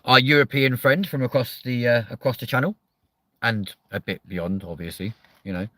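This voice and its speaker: A man, hosting a live chat show with loud, sweary, joking banter. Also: medium pitch, normal speed, no room sound. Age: 30s.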